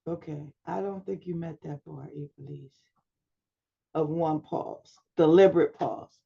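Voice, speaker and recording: Female instructor, fry in the voice, lo-fi video call audio, prompting and critiquing students. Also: low-pitched, unhurried, mellow. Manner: coaching, asks questions and prompts students. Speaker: public speaking instructor. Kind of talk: class feedback over video chat.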